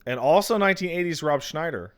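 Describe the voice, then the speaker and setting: A man co-hosting a podcast, riffing jokingly in casual chat with loud put-on outbursts. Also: fairly high pitch, lively intonation, quick pace. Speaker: podcast co-host.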